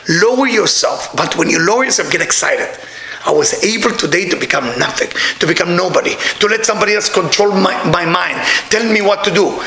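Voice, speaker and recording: Middle aged guy teaching kabbalah, high gravelly voice, emphatic stories in broken english, echoey room. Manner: emphatic, animated storytelling in non-standard English grammar. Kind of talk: spiritual lecture.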